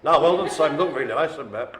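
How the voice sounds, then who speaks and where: A man calls out bingo numbers on a live stream and keeps up a stream of jokes. His voice sits fairly high and bounces all over the place. The sound is roomy and echoey. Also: fast, a crowd in the background. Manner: jokey, animated, chatty with the room. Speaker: bingo caller. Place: indoor care home lounge. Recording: echoey room.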